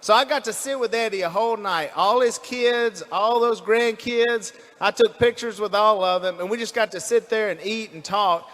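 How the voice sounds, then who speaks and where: Addressing a crowd at a large indoor rally, a Southern-accented man from North Louisiana speaks in a high-pitched, slightly bright voice at normal speed with few pauses. His folksy, meandering talk is laced with fillers and restarts, and the audio has a big-room sound.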